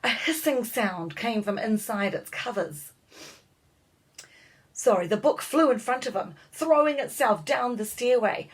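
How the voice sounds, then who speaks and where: Breathy woman reading a storybook. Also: a little high, low-quality recording. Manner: measured, expressive reading. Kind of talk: scripted storybook narration.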